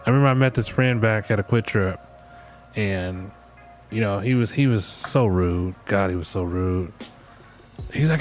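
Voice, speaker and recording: A man's voice: on the low side, lively intonation, fairly quick. Blunt man ranting over music. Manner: blunt, profane, acts out quoted voices. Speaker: podcast host. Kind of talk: solo comedic rant.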